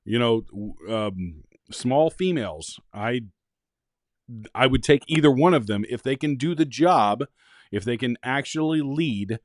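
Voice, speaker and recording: A man's voice: mid-range voice, lively intonation, measured pace, dry recording, clean studio sound. A man co-hosting a podcast, plain-spoken, with frequent brief agreeing interjections. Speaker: podcast co-host. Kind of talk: casual political chat.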